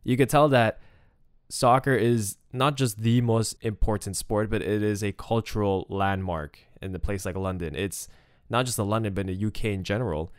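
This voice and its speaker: A man's voice: fairly low pitch, dry recording. A young adult man hosting a casual solo podcast, rambling and chatty, with restarts and laughs, into a close microphone. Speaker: podcast host.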